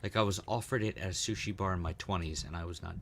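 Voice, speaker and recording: Deep-voiced man chatting loosely. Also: fast talker, a bit bright, slight background noise. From United States. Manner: rambling, joking, trails off with ums. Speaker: podcast co-host. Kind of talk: casual chat.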